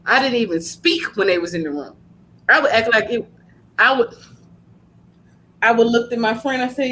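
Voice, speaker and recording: Woman podcast host, punchy and blunt, bright edge to the voice. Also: fairly high pitch, normal speed, long pauses, slight background noise. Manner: blunt, animated storytelling with slang. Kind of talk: casual podcast chat.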